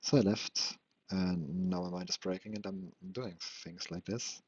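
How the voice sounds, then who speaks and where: A young man in an unscripted, rambling monologue, talking haltingly and questioning himself, with frequent restarts and casual swearing. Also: deep voice, fairly even intonation, a little mellow, slightly rough, no echo. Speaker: vlogger. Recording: dull lo-fi, dry sound.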